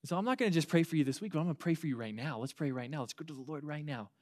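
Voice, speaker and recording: A young man preaching to a youth group, talking in an earnest, animated way with frequent restarts and stammers. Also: fairly high pitch, racing. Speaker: youth pastor.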